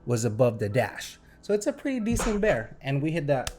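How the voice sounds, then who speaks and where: A young man in casual podcast chat, telling a story in an animated, excitable way and acting out sound effects. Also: mid-range voice, moderate pace, background noise. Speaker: podcast host.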